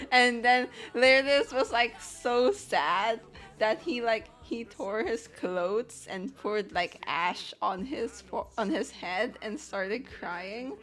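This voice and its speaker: A woman's voice: medium pitch, slow pace, a bit bright. Young woman rambling at her computer, giggly, swears a lot, says like constantly, faint music under it. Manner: rambling and giggly, swears freely, lots of "like" and "you know". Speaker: animator. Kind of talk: casual chat while sharing her screen.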